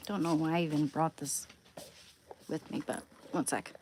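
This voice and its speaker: Livestreamer, female, lowish voice, unhurried, soft coos and whispers to her pet, casual chat with viewers, noisy home recording. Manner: coos and whispers softly to her dog, then chats loosely with viewers. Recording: clear steady background noise.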